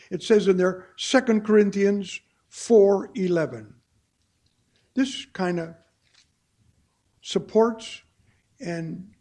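A man preaching a sermon-style Bible study, reading texts slowly and deliberately, then pressing key phrases with emphasis. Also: high-pitched, a little mellow, breathy edge.

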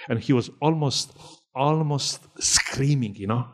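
A man preaching, telling a story slowly and deliberately, repeating words for emphasis. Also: mid-range voice. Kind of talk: sermon storytelling.

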